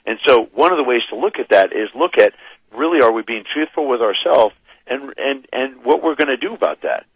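A man speaking as a guest expert on a radio interview, his pitch swinging widely as he stresses his points. His voice is somewhat husky and the sound is dry and close, with no room around it. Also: fairly quick, dry recording, muffled recording. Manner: animated, emphatic explainer.

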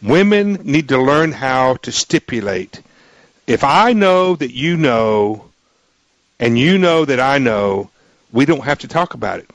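Animated male radio host. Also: medium pitch, unhurried, no echo. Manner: emphatic, joking, restarts a lot. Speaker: radio talk show host. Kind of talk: radio call-in interview. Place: radio studio.

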